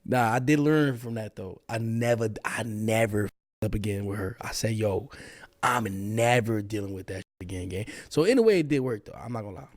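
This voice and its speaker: A man's voice: on the low side, fairly quick, a little mellow, no room sound, clean studio sound. A man hosting a reaction stream, joking in a slangy, casual way and talking to his chat. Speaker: streamer host.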